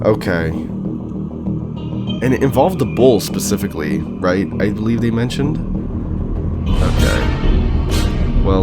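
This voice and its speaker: A young man talking through a horror game as he plays, thinking aloud and reacting with quick exclamations. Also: lowish voice, a little mellow. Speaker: gaming channel host. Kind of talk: let's play commentary.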